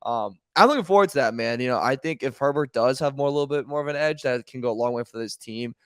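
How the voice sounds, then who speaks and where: Quick, smooth-voiced man rambling about sports. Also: mid-range voice, no room sound, clean studio sound. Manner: rambling, full of fillers and restarts. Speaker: podcast co-host. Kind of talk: casual sports talk.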